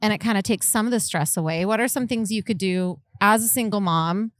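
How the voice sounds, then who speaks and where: A woman's voice: medium pitch, fairly quick, no room sound. A woman hosting a podcast, chatting casually and asking her guests open questions. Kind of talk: casual chat.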